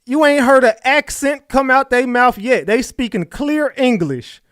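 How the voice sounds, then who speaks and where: A man's voice: extremely high pitch, a little slow, fairly bright tone, dry recording, clean studio sound. A man hosting a reaction stream who speaks bluntly and profanely and keeps insisting on his point to his chat. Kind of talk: casual reaction commentary.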